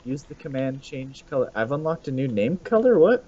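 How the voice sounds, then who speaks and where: A man co-hosts a casual gaming podcast, playful and often laughing. His voice swings widely in pitch. The sound is muffled and lo-fi. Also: big pitch swings, normal speed, dark tone. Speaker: podcast co-host. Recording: muffled low-fi audio.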